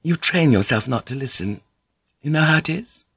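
A man voicing a kind, anxious young noble wife who speaks softly and earnestly. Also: medium pitch, expressive, normal speed, slightly rough, dry recording, voice pushed up. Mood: confiding.

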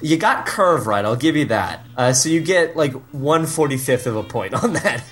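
A man's voice: medium pitch, animated, normal speed, fairly bright tone, soft background music. A man hosting a casual comedic movie quiz, teasing and laughing often. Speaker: podcast host running a movie quiz.

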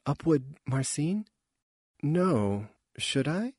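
A man's voice: on the high side, big pitch swings, very slow, darkish tone, husky, no echo, voice pushed up, exaggerated voice. A hesitant, politely apologetic young newcomer, played by a male narrator. He speaks with a careful, slightly uneasy politeness. The recording is dry and close. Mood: wary.

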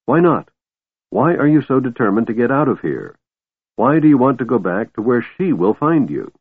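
A man's voice: mid-range voice, very animated, normal speed, slightly rough, voice pushed up. A man doing a tense, demanding half-elf warrior. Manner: urgent, demanding questions. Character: tense, driven male half-elf warrior, quick to anger. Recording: narrow phone-like band, dry.

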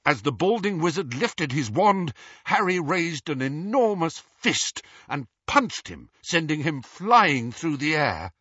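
A man reading an audiobook with lively, expressive storytelling. His voice is bright and a little husky. The recording is dry and dull, like a close studio read. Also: fairly high pitch, a little slow, dry recording. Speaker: audiobook narrator. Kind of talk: scripted narration.

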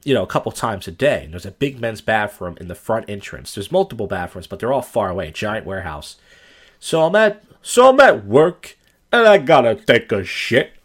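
A man hosting a podcast, telling crude, rambling, self-deprecating stories in a casual monologue. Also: mid-range voice. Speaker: podcast host.

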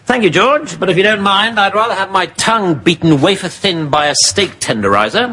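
Blackadder, a biting sardonic captain. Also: male voice, sits high, animated, brisk, background noise. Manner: dry, cutting sarcasm. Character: sardonic, weary army captain in the trenches. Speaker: army captain. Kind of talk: studio sitcom acting.

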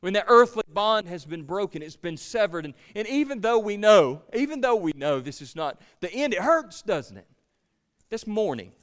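A male pastor delivers a sermon in an earnest, emphatic way. His voice sits a little high for a man, and he repeats words as he builds his points, swelling loud and then falling to near quiet. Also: sing-song, normal speed.

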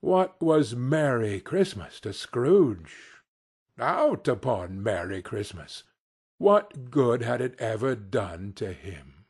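A man narrating an audiobook in expressive, unhurried scripted narration. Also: medium pitch, husky.

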